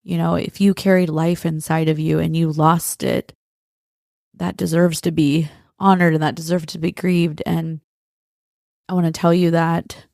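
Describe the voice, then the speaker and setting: A woman with a lowish, gravelly voice speaks tenderly and earnestly to her listeners as co-host of a faith-based podcast. Her pitch stays fairly flat. The sound is dry and close. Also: a little slow, no echo. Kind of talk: heartfelt faith-based talk.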